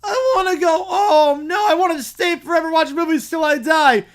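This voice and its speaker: A man's voice: very high voice, moderate pace, voice pushed up. A man doing a whiny wailing little kid. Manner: whining and wailing.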